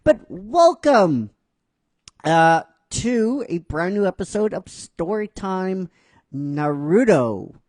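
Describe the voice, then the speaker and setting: A man's voice: sits high, sing-song, slow pace, a little mellow, dry recording. A man casually narrating a fan-written story, chatty and rambling with many fillers.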